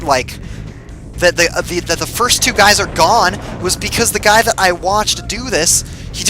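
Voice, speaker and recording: A young man giving casual gameplay commentary, excitable and quick to swear and yell when he gets frustrated. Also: sits high, soft background music.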